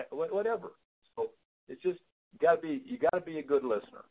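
A man's voice: fairly high pitch, very animated, moderate pace, gravelly, husky, lo-fi sound. A man coaching a client on a call, giving frank, fatherly advice and often repeating words as he talks. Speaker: business consultant.

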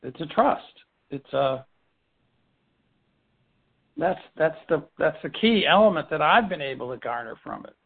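A man's voice: fairly high pitch, expressive, measured pace, vocal fry, pauses often, husky. A man leading a business team meeting, coaching with rhetorical questions and many restarts. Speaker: firm leader running a team meeting. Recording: tinny phone-line sound.

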